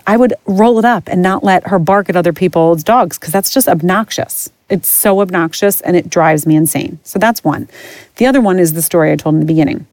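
A woman's voice: fairly low pitch, darkish tone, dry recording. A middle-aged woman hosting a podcast, ranting in a blunt, profane and exasperated way. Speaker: podcast host. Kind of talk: casual ranting monologue.

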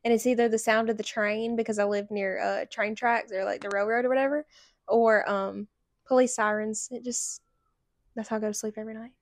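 A woman's voice: fairly high pitch, steady tone, fairly quick. A young woman co-hosting a podcast, telling a story in casual chat and filling it with "like". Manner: chatty storytelling, heavy use of "like". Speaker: podcast co-host.

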